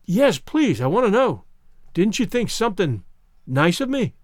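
A man's voice: sits high, big pitch swings, measured pace, no room sound, studio quality. A man voicing an eager, boyish young baseball player in a story. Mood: pleading. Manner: eager, pleading.

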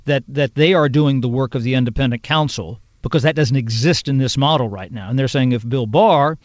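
A man who is a congressional news producer, explaining in a measured, detailed way as a podcast guest. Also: mid-range voice, no room sound. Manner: measured, explanatory, piles up clauses and examples. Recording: dull lo-fi sound.

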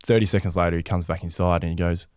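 A young man co-hosting a podcast, telling a story in an animated way and laughing often. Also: deep voice, fast, no echo, studio quality. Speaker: podcast co-host. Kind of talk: casual chat. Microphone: close studio mic.

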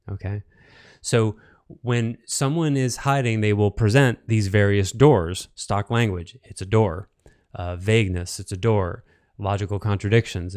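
A man's voice: lowish voice, a little mellow, no room sound, clean studio sound. A middle-aged man who works as a coach, teaching a course in a reflective, conversational way with frequent fillers and self-corrections. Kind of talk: course recording.

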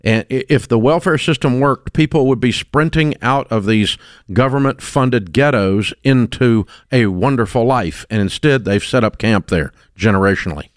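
A middle-aged man hosting a radio call-in show, talking bluntly and emphatically, often climbing to loud exclamations. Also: mid-range voice, normal speed, no echo, clean studio sound. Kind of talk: opinionated radio talk. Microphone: studio microphone.

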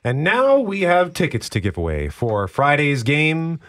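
A man's voice: fairly high pitch, moderate pace. A man hosting morning radio in a playful, chatty way. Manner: lively, playful host. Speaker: radio host.

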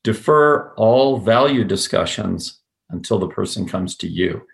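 Brief: man with a lowish voice, emphatic interview guest who acts out quotes. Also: lively intonation, unhurried, gravelly. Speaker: podcast guest, sales executive. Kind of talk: podcast interview.

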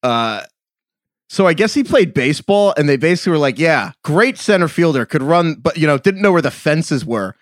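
A man co-hosting a sports talk show, his fairly high voice swinging widely as he laughs and tells stories. The sound is close and dry. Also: normal speed, no echo. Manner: animated, laughs often, reads stories aloud. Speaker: podcast co-host. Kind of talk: casual chat.

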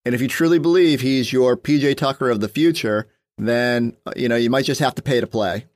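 A man's voice: mid-range voice, a little fast. A sports reporter guesting on a podcast, a man who thinks aloud in casual chat with many restarts and fillers.

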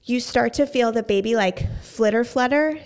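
A woman's voice: a little high, normal speed, darkish tone. A young woman co-hosting a podcast while pregnant, talking in a candid, casual way. She gets a little out of breath as she goes and drops the odd swear word. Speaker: podcast co-host.

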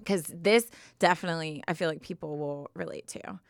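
A woman's voice: sits low, gravelly, no room sound, clean studio sound. Emotional, dramatic young woman. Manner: emotional, dramatic storytelling, quick to laughs and tears. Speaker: podcast co-host. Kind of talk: casual chat.

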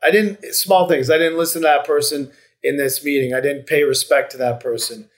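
A man's voice: fairly high pitch, fairly even intonation, a little fast. A man in casual podcast chat, talking in a reflective, rambling way with many restarts and fillers.

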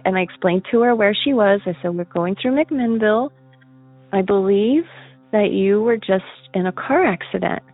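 A woman's voice: mid-range voice, no room sound. A woman earnestly telling a personal story as a caller, often laughing as she goes. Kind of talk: casual spoken storytelling. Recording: tinny dry phone line.

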